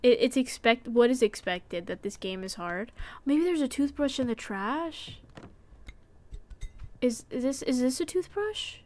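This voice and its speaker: A woman streamer giving playful, chatty commentary while she plays a game, going from sudden yelps to hushed whispers. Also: high voice, animated, measured pace. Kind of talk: casual gameplay commentary.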